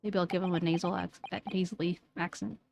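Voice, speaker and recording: A woman's voice: lowish voice, quick pace, creaky, background noise. A woman streamer casually chatting between reading game lines. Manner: relaxed, chatty asides. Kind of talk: casual chat over gameplay.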